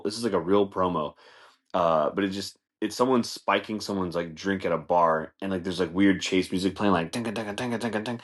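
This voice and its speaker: Male podcast host, very low voice, loose profane comic rambler who acts out bits. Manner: rambling, profane, laughs often, acts out scenes. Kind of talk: casual comedic monologue.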